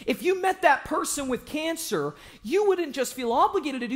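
A young man preaching an evangelistic sermon in a church, joking with the congregation and breaking into shouts for emphasis. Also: extremely high pitch, normal speed, few pauses. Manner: animated, joking, bursts into shouting.

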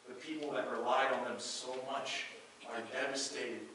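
A pastor preaching a sermon, reading scripture aloud and earnestly repeating key phrases. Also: male voice, medium pitch, fairly even intonation, moderate pace, sharp tone, slight background noise. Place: church sanctuary. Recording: very echoey church hall, mic far off.

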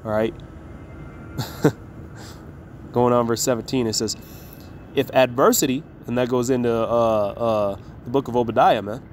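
Reading scripture and then offering casual commentary, this male Bible teacher has a steady, darkish mid-range voice, with a slight hiss or hum in the recording. Verses come out slow and emphatic before he loosens up, ending lines with "man".

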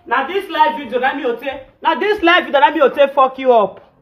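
A woman's voice: high-pitched, a little fast, dull audio. A woman with a Nigerian Pidgin English accent, scolding and ranting animatedly on a live phone video, repeating herself for emphasis. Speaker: social media personality on a live video.

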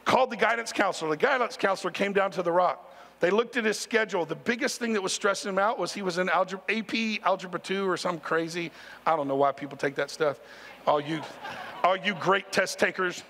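Male pastor, conversational sermon, high-pitched, church reverb. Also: brisk, vocal fry. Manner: animated, conversational, talks straight to the congregation. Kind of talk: sermon storytelling. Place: church sanctuary.

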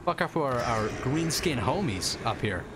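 A man with a Northern English accent giving casual, animated commentary on a livestream, swearing freely and laughing often. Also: medium pitch, measured pace, very noisy. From northern England. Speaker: streamer.

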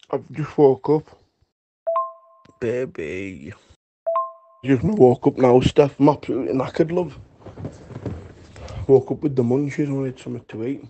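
Lad, slightly high voice, rambling voice notes with swearing and pet names. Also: male voice, warm tone, dull audio, a little hiss or hum. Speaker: voice note sender. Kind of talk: casual voice messages.

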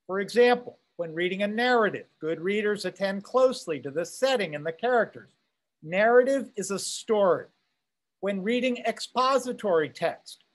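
A man teaching a class, reading a text aloud and commenting on it in a conversational way, asking rhetorical questions and checking in with his listeners. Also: sits high.

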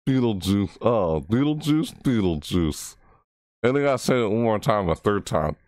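Deep-voiced man rambling through a reaction. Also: moderate pace, dry recording, clean studio sound. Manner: rambling, restarts often, excitable. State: voice cracking. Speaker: reaction video host. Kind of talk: casual rambling reaction commentary.

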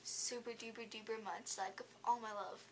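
A woman's voice: fairly high pitch, steady tone, moderate pace, noisy background. A teenage girl chatting casually in a home vlog, losing her voice and often dropping into a whisper, rambling with lots of fillers. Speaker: vlogger. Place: at home, indoors.

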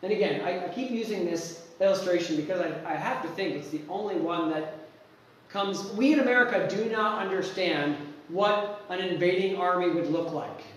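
A man preaching a sermon as pastor, animated, acting out quotes and restarting his sentences often. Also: high voice, moderate pace, slight background noise. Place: church sanctuary. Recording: echoey church hall, mic far off.

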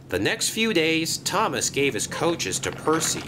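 Expressive male storybook narrator. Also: a little high, measured pace, few pauses, a little hiss or hum.

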